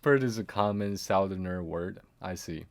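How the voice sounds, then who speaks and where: A low-voiced man chats casually at normal speed while streaming a game. He tends to ramble, often trailing off into quiet muttering and chuckles.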